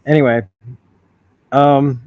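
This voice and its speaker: A man's voice: medium pitch, fairly even intonation, slow pace, clear, resonant tone, no room sound, dull audio. A man hosting a casual review, thinking aloud with many restarts and frequent swearing. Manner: rambling, profane, with self-correcting restarts. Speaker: video essay host.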